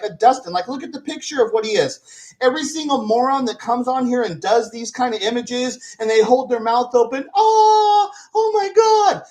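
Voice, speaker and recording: A man's voice: high voice, low-quality recording. A man hosting a commentary channel, ranting in a scornful, rambling way full of swearing.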